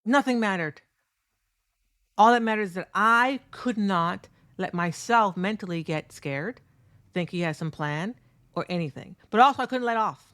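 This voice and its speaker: A woman recounting a tournament over her match footage in a candid, profane, animated way. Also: mid-range voice, moderate pace, dry recording. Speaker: streamer and competitive fighting game player.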